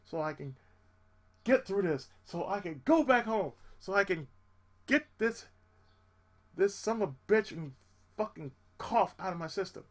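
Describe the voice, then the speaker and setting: A man hosting his channel, telling a personal story as a casual rant. He is animated and exasperated and swears freely. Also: high voice, a little slow, long pauses.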